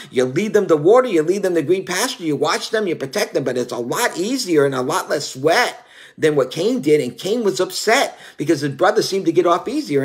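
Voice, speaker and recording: A man in his fifties preaching a sermon in an earnest, confessional way, often using "you know" as he thinks. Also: a little high.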